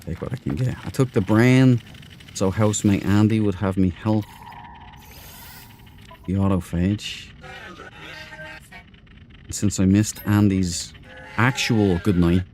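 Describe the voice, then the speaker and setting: A man's voice: fairly low pitch, fairly even intonation, slow pace, long pauses, darkish tone, soft background music. An Irish man streaming a space game live, rambling and chatty, with slangy asides. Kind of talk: casual live-stream chat.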